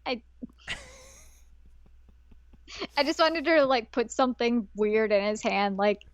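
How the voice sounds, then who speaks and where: A woman's voice: a little high, a little slow, clear, resonant tone, dry recording. A woman co-hosting a podcast, recapping an anime episode in casual chat and acting out the characters' lines as she goes. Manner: animated, acts out characters' lines with laughs. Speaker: podcast co-host.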